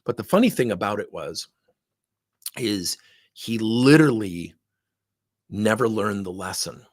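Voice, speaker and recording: Husky middle-aged guy, sales trainer, blunt and punchy, voice jumps all over. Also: on the low side, no echo, studio quality. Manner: animated, blunt, emphatic storyteller. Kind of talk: storytelling workshop webinar.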